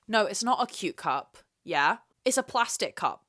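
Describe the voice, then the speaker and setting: A woman's voice: medium pitch, sing-song, unhurried, sharp tone. A young woman in her twenties hosting a solo podcast to camera, ranting emphatically and swearing freely. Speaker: podcast host. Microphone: camera mic, speaking to camera.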